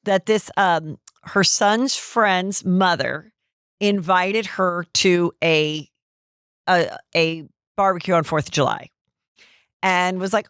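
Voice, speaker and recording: A woman's voice: lowish voice, takes it slowly, smooth, dry recording, studio quality. A woman hosting a podcast in casual gossip chat, telling stories and acting out the people in them. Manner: animated storyteller acting out quoted people. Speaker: podcast host.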